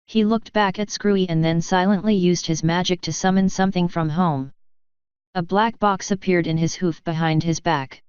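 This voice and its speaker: A woman reading a fanfiction story aloud in steady storybook narration. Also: on the low side, normal speed, clean tone, no room sound. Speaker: fanfiction reader. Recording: dry, slightly muffled recording.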